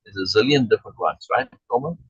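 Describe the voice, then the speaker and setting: A man leading a casual online Shakespeare session. His voice swings up and down a lot and has a husky edge. It comes through a dry, slightly muffled video call line. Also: lowish voice, lively intonation, quick pace, no echo. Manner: explains with many restarts and "right?" checks, reads chat comments aloud. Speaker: Shakespeare reading group leader. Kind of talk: casual online teaching chat.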